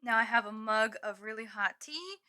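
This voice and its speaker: Woman streamer, casual home stream; bright, slightly high voice, giggly, loose with swearing. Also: moderate pace. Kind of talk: casual live-stream chat. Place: home room with green screen.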